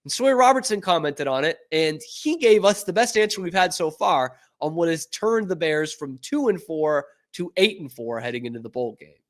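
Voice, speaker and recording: A man talks football in an easygoing podcast style. His voice sits a bit high and swings up and down a lot as he gets excited. He is chatty and laughs often. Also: normal speed, hardly any pauses. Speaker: podcast host. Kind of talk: casual sports commentary.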